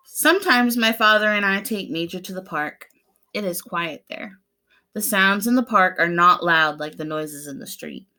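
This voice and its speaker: A young adult woman, a preschool teacher, reading a picture book aloud to young children, gently explaining the pictures, asking them questions and playfully acting out the sounds. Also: lowish voice, lively intonation, normal speed.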